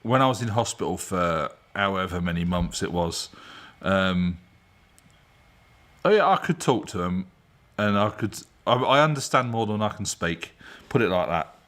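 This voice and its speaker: A man's voice: deep voice, lively intonation, normal speed, a bit bright. A man hosting a casual live stream from his home garage, rambling and laughing as he talks. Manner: rambling, chatty, laughs often. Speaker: garage channel host.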